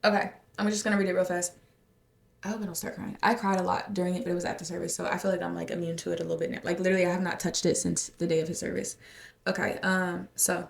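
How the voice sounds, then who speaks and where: A young woman talking on her own podcast with a gravelly, fry-laden voice pitched a little low. She rambles, heartfelt, leaning on fillers as she goes. The room around her rings with echo. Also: flat delivery, quick pace. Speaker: podcast host. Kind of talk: casual podcast monologue. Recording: echoey room.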